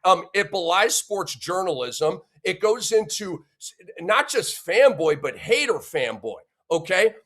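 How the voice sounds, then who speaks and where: A man's voice: high-pitched, very animated, a little slow, a bit bright. A man hosting a sports podcast, giving an emphatic, opinionated rant and punctuating his points with a questioning "okay?". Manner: blunt and insulting toward critics.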